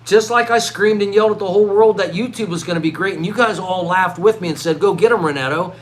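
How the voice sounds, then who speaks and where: A man's voice: sits high, fast talker. A middle-aged man delivering a worked-up vlog rant, full of restarts and repeated words. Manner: animated, worked-up ranting with many restarts. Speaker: vlogger. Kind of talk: ranting vlog monologue.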